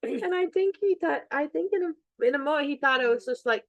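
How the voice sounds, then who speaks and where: A woman's voice: high voice, animated, brisk, gravelly, no room sound. A middle-aged woman hosting a podcast, talking in an earnest, reflective way and repeating phrases for emphasis. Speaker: podcast host. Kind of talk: reflective casual chat.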